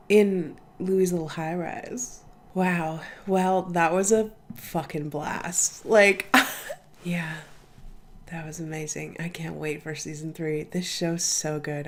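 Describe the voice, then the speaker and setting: A woman's voice: on the low side, a little mellow. A young woman hosting a reaction channel, gushing about a show in casual commentary, swearing freely and laughing often.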